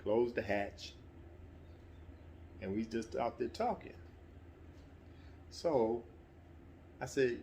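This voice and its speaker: A middle-aged man telling a personal story in a relaxed, conversational way, sometimes getting animated. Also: medium pitch, extremely slow, creaky, pauses often, slight background noise. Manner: relaxed, conversational, breaks into animated quoted voices. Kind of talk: casual spoken anecdote.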